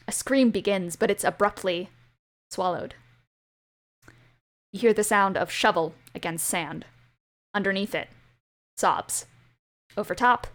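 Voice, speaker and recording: Slow, low-voiced woman game master. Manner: slow, hushed, atmospheric narration. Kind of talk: narrating a tabletop game.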